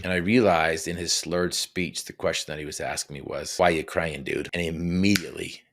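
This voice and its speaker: Deep-voiced man telling a motivational story. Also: steady tone, normal speed, vocal fry, few pauses, a bit bright. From Utah. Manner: earnest, motivational, repeats phrases for emphasis. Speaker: podcast guest. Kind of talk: storytelling in an interview.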